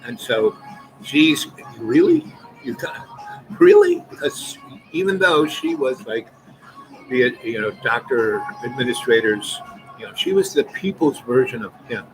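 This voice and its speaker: A man telling a rambling personal anecdote, halting often and restarting his sentences. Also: mid-range voice, expressive, low-quality recording. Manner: halting, many restarts and repeated words. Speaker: storyteller. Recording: voice over clear background music.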